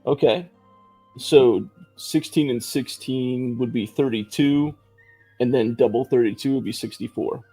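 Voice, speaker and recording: A man playing a tabletop game, chatty and thinking out loud, laughing often. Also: medium pitch, a little slow, breathy edge, dry recording, soft background music, poor audio. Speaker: player. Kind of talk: casual tabletop play.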